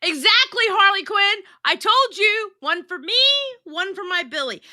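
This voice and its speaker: Bright-voiced, profane woman streamer. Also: extremely high pitch, animated, unhurried, no room sound, studio quality. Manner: profane, blunt and gossipy. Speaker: livestream host reading chat. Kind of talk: casual livestream chat.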